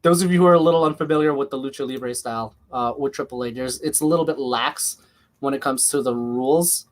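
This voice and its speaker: A man's voice: medium pitch, fast talker. A man hosting a live watch-along stream with a slight lisp, chatting casually while calling the action and reading viewer comments. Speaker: livestream host.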